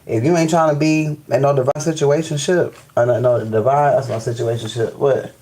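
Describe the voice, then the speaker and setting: Live-stream host, man, warm low-key tone, blunt and profane, lots of restarts. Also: steady tone, a little fast, poor audio. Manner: profane, emphatic, repeats "you know what I'm saying"; restarts and stammers when fired up. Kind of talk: casual live-stream rant.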